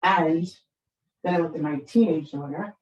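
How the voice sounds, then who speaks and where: A woman's voice: deep voice, moderate pace, darkish tone, lo-fi sound. A woman in her fifties, a therapist giving a presentation to parents, talking conversationally, often checking in with "right?", and acting out quoted lines with big shifts in her voice. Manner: conversational, keeps asking "right?". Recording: roomy echo, speaker far from the mic.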